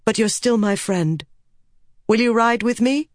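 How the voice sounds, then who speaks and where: A woman's voice: a little high, a little slow, no room sound, studio quality, pitched above the performer's own voice, natural voice. A woman reading an audiobook, voicing a stubborn, determined young pregnant queen in an earnest, resolute way.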